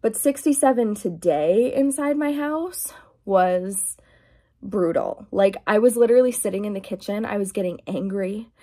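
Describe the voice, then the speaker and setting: A woman's voice: medium pitch, normal speed. Woman vlogger, casual rant, exasperated, slips into whispers, recorded in a garage. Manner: chatty, exasperated, drifts between talking and whispering. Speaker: ASMR vlogger. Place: garage at home. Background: quiet, dim garage.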